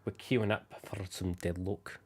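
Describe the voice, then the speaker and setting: A man's voice: deep voice, fairly even intonation, a little slow, darkish tone, slight background noise. A man streaming a video game while chatting loosely with his viewers in a rambling, casual way. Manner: rambling, talks straight to his chat. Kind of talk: casual live-stream chat while gaming.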